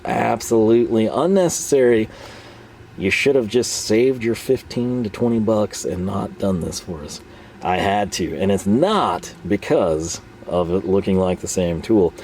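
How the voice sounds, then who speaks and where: A man's voice: lowish voice, animated, normal speed, dark tone, a little hiss or hum. A man talking casually through a hands-on tool demo, playfully voicing imagined viewers' objections and answering them. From Texas. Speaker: tool reviewer. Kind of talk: casual product demo talk.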